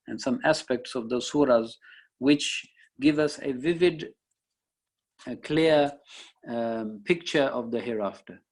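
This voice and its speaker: A man's voice: mid-range voice, creaky, a little mellow, breathy edge, low-quality recording. A man teaching a Quran lesson, reciting verses and explaining each one in English. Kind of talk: Islamic study lecture.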